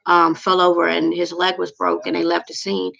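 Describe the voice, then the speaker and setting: Lady with a real gravelly low voice doing a casual motivational talk to her viewers, kinda preachy, dull lo-fi sound. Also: monotone, normal speed, a bit bright. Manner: preachy, heartfelt, talks to viewers as y'all. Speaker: livestream host. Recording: dull lo-fi recording.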